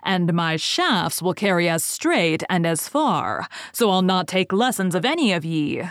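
A proud, hot-headed young archer, read out by a woman, answering back boldly and with defiance. The voice is low and recorded close and dry. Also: big pitch swings, unhurried, dry recording. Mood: earnest.

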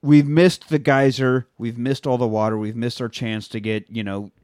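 A man's voice: mid-range voice, level tone, a little mellow, no room sound. Profane man recapping a film, dry mic. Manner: profane, acts out characters in quick mocking voices. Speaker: podcast co-host recapping a film. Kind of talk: casual comedic movie recap.

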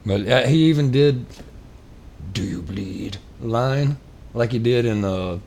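A man's voice: medium pitch, slow pace, vocal fry, darkish tone. A man co-hosting a podcast in casual chat, rambling with many fillers and restarts. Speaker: podcast co-host.

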